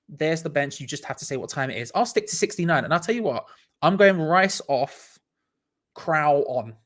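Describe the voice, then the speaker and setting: A man's voice: a little high, a bit bright. Upbeat man hosting live stream. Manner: upbeat, chatty, reading out viewers' comments. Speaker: host.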